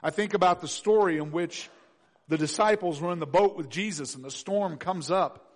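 A middle-aged man preaching a sermon, acting out voices and swinging from loud to hushed. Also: sits high, moderate pace. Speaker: pastor.

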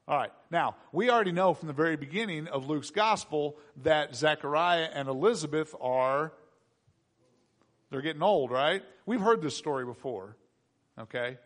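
A high-voiced man preaches a conversational sermon with a lively, swooping delivery. He speaks directly to his listeners, teasing them with quick asides. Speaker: pastor.

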